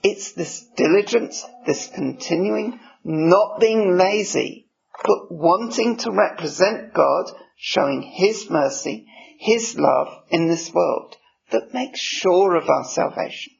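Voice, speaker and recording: A gravelly, husky man delivers a sermon at an unhurried pace, reading scripture in a measured way. His voice sits fairly high and the recording sounds dull and lo-fi. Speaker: preacher.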